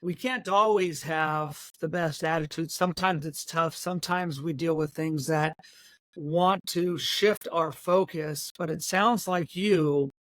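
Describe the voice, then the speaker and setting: A man hosting a podcast interview, friendly and quick to laugh, with frequent hesitant fillers. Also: fairly high pitch, a bit bright, dry recording. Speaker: podcast host.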